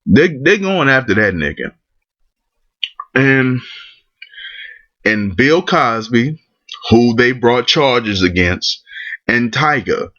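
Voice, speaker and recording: A man's voice: medium pitch, sing-song, takes it slowly, pauses often, sharp tone. A man ranting in commentary, blunt and profane, restarting his sentences often. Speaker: vlogger. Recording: dull lo-fi recording.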